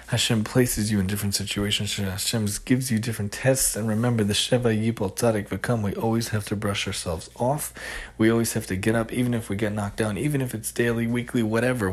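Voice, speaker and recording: A man hosting a recorded religious lesson, retelling stories in an earnest, measured teaching cadence. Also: on the low side, slightly rough. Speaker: host of a Torah lesson show.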